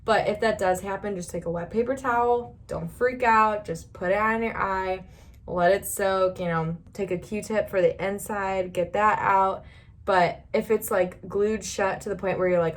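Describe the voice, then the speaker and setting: A woman's voice: mid-range voice, fairly even intonation, normal speed. Young woman doing a chatty lash tutorial, rambly and reassuring, laughs a lot. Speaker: beauty vlogger. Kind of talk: casual makeup tutorial.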